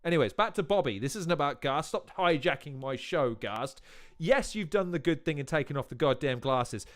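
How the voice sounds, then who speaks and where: A man's voice: a little high, animated, moderate pace. A man hosting a live-stream watch-along, talking in profane, rambling tangents. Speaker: host.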